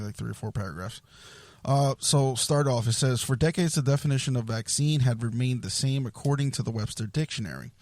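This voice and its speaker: A man's voice: mid-range voice, a little mellow, no echo. Man reading an article on a podcast. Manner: stumbles over long words, laughs at himself. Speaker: podcast host. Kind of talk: casual podcast chat, reading an article aloud.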